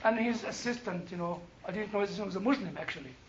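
A man's voice: high voice, fast, lo-fi sound, very noisy. An older man teaching a Bible class, telling a story with laughter and emphatic outbursts. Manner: animated, laughing, rising to emphatic bursts.

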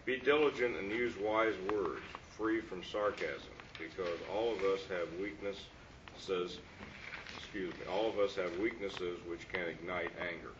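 Man, low voice, reading aloud in class, steady, muffled, noisy room. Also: measured pace. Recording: dull lo-fi recording with room noise.

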